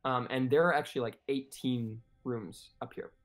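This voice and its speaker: A man's voice: medium pitch, fairly even intonation, faint music behind. A man narrating an improvised tabletop game as game master, rambling with many fillers. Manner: rambling, filler-heavy, fast.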